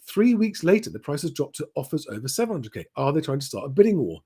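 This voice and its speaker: A man's voice: a little high, sing-song, fast talker, warm tone, husky. A man hosting a live property Q&A, reading out viewer comments and answering them in a chatty, plain-spoken way with frequent ums. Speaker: property advice host.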